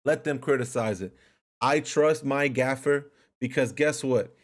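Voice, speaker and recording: A man with a voice pitched a little above most men's delivers a heated football rant. He circles back to the same complaints and repeats his lines for emphasis. It sounds like an angry fan talking straight to his viewers. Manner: heated, repetitive ranting. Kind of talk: post-match rant.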